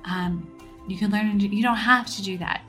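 A woman hosting a podcast, telling a story in a casual, animated way and acting out the voices she quotes. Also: mid-range voice, moderate pace, faint music behind. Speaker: podcast host.

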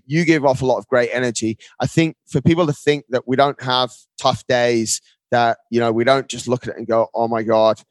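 A man's voice: medium pitch, no echo. Upbeat man who keeps saying mate. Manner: upbeat, emphatic, keeps calling the listener mate. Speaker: guest, marathon runner. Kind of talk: casual interview talk.

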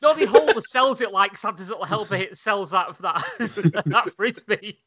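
Chatty guy on a podcast, slightly high bright voice, dull lo-fi sound. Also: moderate pace. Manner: chatty, laughing asides, swearing. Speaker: podcast co-host. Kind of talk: casual podcast chat.

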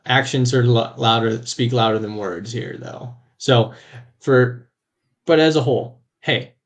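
A man co-hosting a podcast, talking in a loose, rambling way with frequent restarts and easy laughter. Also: mid-range voice. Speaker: podcast co-host. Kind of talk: casual chat.

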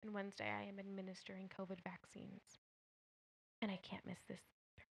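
A woman's voice: mid-range voice, monotone, fairly quick, gravelly, slight background noise. A young woman co-hosting a podcast, chatting casually and swearing freely as she tells a story. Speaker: podcast co-host. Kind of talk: casual chat.

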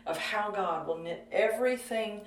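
A woman's voice: medium pitch, normal speed. Female interview host, encouraging, off-mic, roomy sound. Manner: encouraging, many short affirmations. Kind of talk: interview conversation. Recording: echoey, distant from the mic.

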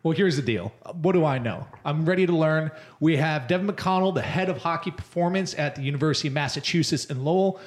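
A man's voice: on the high side, fast talker, hardly any pauses. A man hosting a casual podcast, playful and teasing. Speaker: podcast host.

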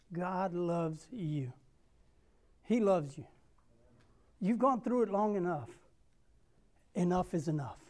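A young man preaching a sermon, telling a personal story and acting out the dialogue with lively energy. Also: high voice. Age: young adult. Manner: repeats a rallying question.

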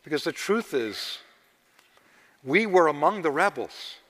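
A man preaching a sermon, telling stories and swinging between loud emphasis and hushed asides. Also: on the high side, big pitch swings, unhurried. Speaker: pastor. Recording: long reverb of a large hall.

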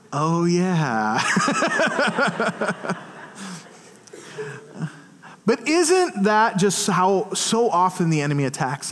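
A middle-aged man preaching a sermon as pastor, telling stories in an animated way and acting out the quotes. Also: sits high, in a large hall. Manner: animated storytelling with acted-out quotes. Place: church.

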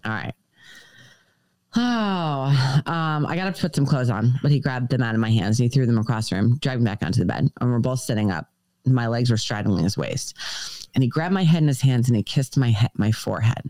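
A woman's voice: a bass voice, lively intonation, a little fast, warm tone, no room sound. A woman guest on a podcast, earnestly recounting a personal story and quoting dialogue in shifting voices. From United States.

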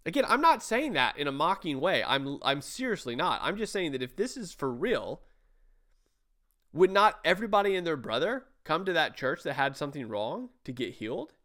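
A man's voice: fairly high pitch, sing-song, moderate pace, a bit bright. A man reviewing a sermon in casual commentary, talking in a conversational way with many rhetorical questions.

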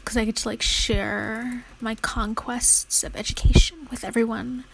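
Chatty young woman with a gravelly edge. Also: fairly high pitch, flat delivery, measured pace, slight background noise, poor audio. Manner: rambling, chatty, lots of "like", murmurs notes half-whispered. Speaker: vlogger. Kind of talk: casual chat while studying.

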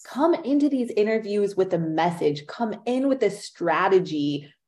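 A woman's voice: medium pitch, expressive, a little slow, darkish tone. A woman hosting an interview podcast, affirming her guest's points and asking follow-up questions. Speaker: podcast host. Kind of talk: conversational interview.

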